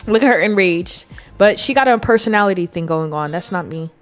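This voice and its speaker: A woman's voice: medium pitch, brisk, soft background music. A woman in her twenties giving chatty, giggly live commentary as she plays a game and talks to her viewers. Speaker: game streamer. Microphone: desk mic.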